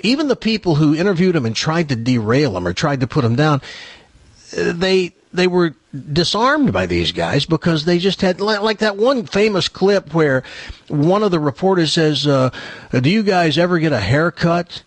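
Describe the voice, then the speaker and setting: A man's voice: fairly high pitch, big pitch swings, normal speed, slightly rough, no room sound. A man co-hosting a radio show, chatting casually and animatedly, laughing easily. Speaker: radio co-host.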